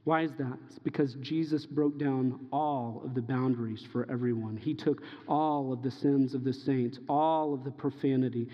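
A man preaching a sermon with passion, acting out the dialogue he quotes and swinging between loud and soft. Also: mid-range voice, steady tone, normal speed, few pauses, long reverb tail, muffled recording. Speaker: pastor.

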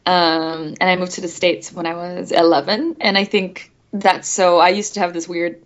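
A woman's voice: on the low side, flat delivery, normal speed, fairly bright tone. A woman voice actress from Singapore chats with lots of laughter and energy. She slips in and out of accents as she talks. Her audio sounds a little dull. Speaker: guest voice actress. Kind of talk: casual interview chat.

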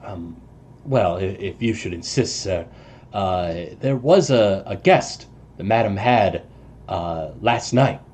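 A man's voice: on the low side, lively intonation, slow pace, a little mellow, breathy edge, exaggerated voice. A man voicing a nervous, formal male house servant in a tabletop game, speaking hesitantly and adding "sir" often. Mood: deferential.

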